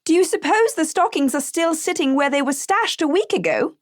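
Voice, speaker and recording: A woman voicing a cheerful, gracious grown woman with lively, bright exclamations in an audiobook reading. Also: high voice, fairly quick, dry recording, studio quality, voice pushed up. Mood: surprised.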